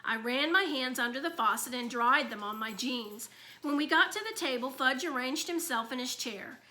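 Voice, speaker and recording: A woman reading a children's book aloud in an expressive storytelling manner. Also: high voice, normal speed. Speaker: reader.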